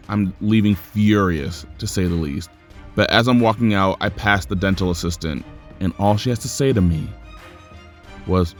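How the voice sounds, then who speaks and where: A young man vlogging a storytime, animated and exasperated, his voice jumping up when he rants. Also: deep voice, normal speed, faint music behind. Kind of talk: storytime vlog.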